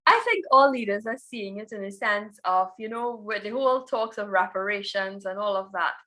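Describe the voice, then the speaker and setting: A woman co-hosts a podcast and brings up news items in casual chat, laughing easily. Her voice is bright and clear. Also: mid-range voice, moderate pace. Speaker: podcast co-host.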